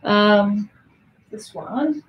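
Woman, young adult, livestream host, casual chat, laughs often, mid-range pitch. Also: drawn-out words, muffled recording, slight background noise. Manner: chatty, laughs often, counts cards aloud while working.

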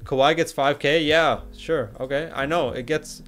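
A man's voice: a little high, moderate pace, fairly bright tone, faint music behind. Laid-back young man chatting on stream. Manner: laid-back, joking, slangy, reads chat aloud. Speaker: livestreamer. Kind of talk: casual livestream chat.

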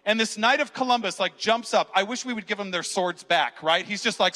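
A man giving a keynote talk, telling stories with lively acted-out voices. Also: sits high, a little fast, hardly any pauses. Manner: animated storyteller acting out quoted voices. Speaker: keynote speaker. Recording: large hall reverb.

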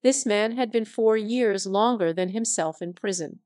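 Synthetic woman narrator, classic novel reading, mid pitch, dry close recording. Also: normal speed, a little mellow, no echo.

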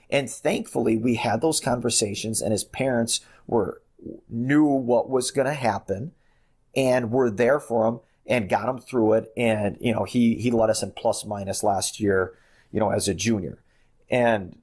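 A man, a college basketball head coach, telling recruiting stories in an animated, restarting way on a podcast. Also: fairly low pitch, vocal fry, slightly rough. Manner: animated storytelling, many restarts. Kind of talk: podcast interview.

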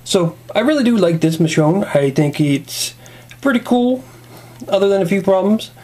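A man's voice: sits high, expressive, normal speed, dark tone. A man rambling casually through a toy review.

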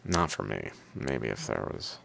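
Very deep, gravelly male podcast host. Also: very animated, unhurried, fairly bright tone, a little hiss or hum. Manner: musing aloud with trailing half-sentences. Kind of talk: casual podcast narration.

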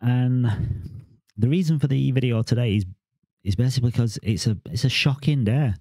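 A man's voice: medium pitch, normal speed, mellow, no room sound. A man, talking to camera in a casual, rambling vlog monologue and often repeating words and restarting his sentences. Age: 40s. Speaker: crypto vlogger.

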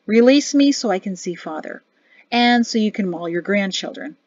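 A woman voicing a grown man, a son and husband, speaking calmly and wryly in a lowered voice. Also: moderate pace, no room sound, muffled recording, natural voice.

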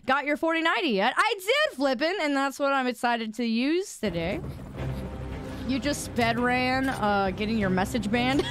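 A young woman streamer chatting casually and rambling, laughing at herself as she trips over her words. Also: high-pitched. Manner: giggly, rambling, self-mocking. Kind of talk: casual live-stream chat.

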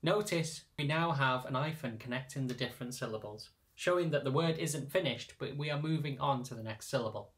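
A man who teaches choir singers, calmly explaining step by step how to read lyrics in sheet music. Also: mid-range voice, brisk, hardly any pauses. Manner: patient, methodical explaining. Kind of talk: instructional narration.

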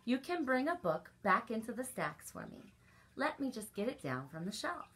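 A woman voicing a kind, calm older librarian in a children's storybook reading, speaking gently and patiently. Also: on the high side, moderate pace, slightly rough, pitched above the performer's own voice, exaggerated voice. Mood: friendly.

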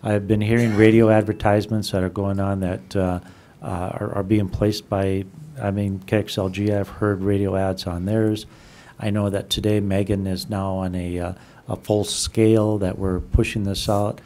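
A man with a lowish, mellow voice speaks at a city council meeting. He restarts his sentences often and leans on fillers. When pressed, he pushes back firmly. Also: level tone, a little hiss or hum. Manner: halting, many restarts and fillers, insistent when challenged. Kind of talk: unscripted council discussion. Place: council chamber.

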